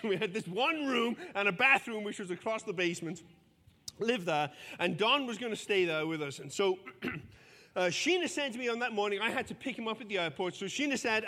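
A pastor in his fifties delivers a sermon in a fairly high, bright voice. He tells stories with self-deprecating humor. The sound rings with a long hall reverb.

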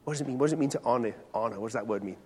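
Speaking at a racing clip in a mid-range voice, a middle-aged pastor preaches to his congregation. He keeps it conversational and questions the audience directly, and a long hall reverb surrounds him.

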